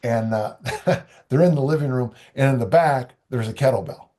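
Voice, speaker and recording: A man's voice: mid-range voice, moderate pace, dark tone. An older man, a strength coach and author, talking casually in an interview, rambling with many restarts and asides.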